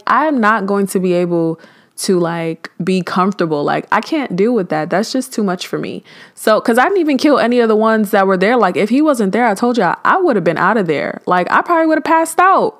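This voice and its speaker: Here a young woman vlogger, medium in pitch, recounts a dramatic tale casually and with animation, performing the voices of its characters.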